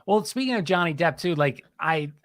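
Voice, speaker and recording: Bright, rambling male podcast guest. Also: fairly high pitch, expressive, moderate pace, dry recording, studio quality. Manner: loose, rambling, full of 'like'. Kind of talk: casual chat.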